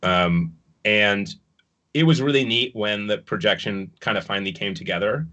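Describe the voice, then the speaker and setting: Man telling a rambling, bright story. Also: lowish voice, moderate pace, highs cut off. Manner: rambling, with many fillers and restarts, chuckling at times. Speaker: video and projection designer on a dance production. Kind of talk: casual recounting in an online panel discussion.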